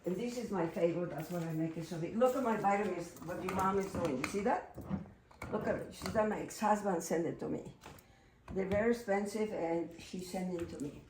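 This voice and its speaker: A middle-aged woman artist from Mexico with a Mexican Spanish accent, a native Spanish speaker giving a casual, rambling, excitable tour of her home studio and slipping into Spanish. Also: lowish voice, a little fast, distant mic, noisy background. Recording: echoey room, voice from off-mic, faint ambience.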